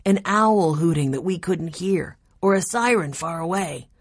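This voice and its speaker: A sensible older brother who speaks calmly and reassuringly to his sibling in a storybook, as a woman narrator reads him. The voice sits low with a husky edge. The recording is close and dry. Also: a little slow, no echo. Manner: calm and reassuring.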